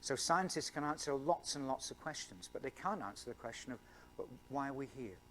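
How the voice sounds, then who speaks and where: A man's voice: medium pitch, lively intonation, brisk, a bit bright, slight background noise. Earnest man giving a lecture. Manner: earnest and explanatory, stressing key words with everyday examples. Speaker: scientist giving an evening talk to a student Christian group. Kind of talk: public lecture. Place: university event room.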